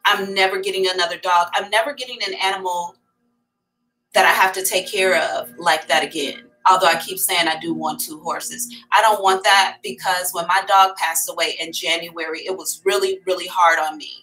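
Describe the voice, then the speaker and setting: A woman's voice: fairly low pitch, fairly even intonation, normal speed, bright, forceful tone, soft background music, rough recording. A middle-aged woman hosting a psychic livestream, chatting candidly and calling her viewers y'all. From America. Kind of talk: casual livestream chat.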